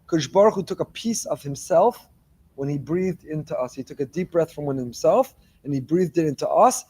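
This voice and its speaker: A man, a rabbi, giving a morning Torah class with lively delivery and joking asides to his listeners. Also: a little high, brisk, breathy edge. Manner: animated, joking asides to the congregation.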